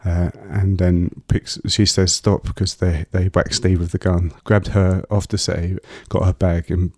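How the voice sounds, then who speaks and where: Deep, flat-voiced man recounting his past. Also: no room sound, studio quality. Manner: halting, many fillers and restarts. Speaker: guest. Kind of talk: personal storytelling in an interview.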